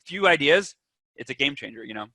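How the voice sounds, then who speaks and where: A man's voice: a little high, animated, brisk, bright, forceful tone, dry recording. A man guest on a podcast, talking with energy and emphasis and acting out the voices in people's heads. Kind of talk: animated interview talk.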